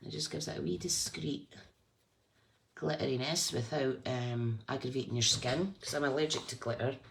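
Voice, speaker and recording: A woman with a notably low voice hosts a live scrapbooking session from her craft table. She chats as she works, hums to herself and breaks off to greet viewers by name. Faint noise sits behind her. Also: normal speed, vocal fry. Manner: chatty, thinks aloud and hums while working. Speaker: craft host.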